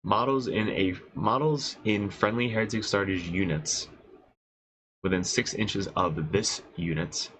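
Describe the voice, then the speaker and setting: A man with a congested voice, casually reading out and reacting to game rules as a host, excited and swearing, thinking aloud. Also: lowish voice, unhurried, breathy edge, low-quality recording. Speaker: wargaming video host reviewing rules.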